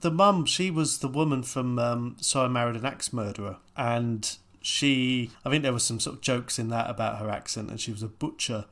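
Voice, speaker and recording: A man's voice: medium pitch, normal speed, few pauses, fairly bright tone. A man, co-hosting a casual film chat with dry, wry asides. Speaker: podcast co-host.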